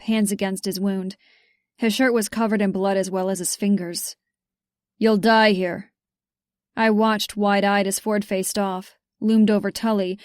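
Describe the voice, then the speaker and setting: A woman's voice: mid-range voice, a little mellow, clean tone, dry recording. Woman reading an action romance book, urgent and tense, dry close sound. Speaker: audiobook narrator. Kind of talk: first-person romance audiobook narration.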